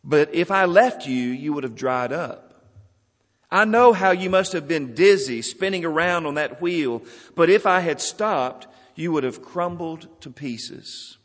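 Guy doing a calm patient potter, measured and soft-spoken, reverby hall. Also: a little high. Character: calm patient potter master, gentle and firm.

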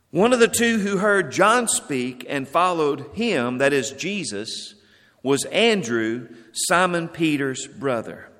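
Male preacher, slightly high voice, emphatic scripture reading, long hall reverb. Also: fairly bright tone. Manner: reads scripture aloud with rising emphasis, then drops low. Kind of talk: sermon.

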